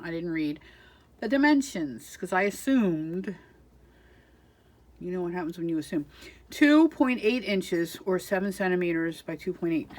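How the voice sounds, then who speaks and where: A woman with a fairly bright, lowish voice chats casually through a crafting haul while out of breath. She's chatty and self-deprecating, giggling at herself.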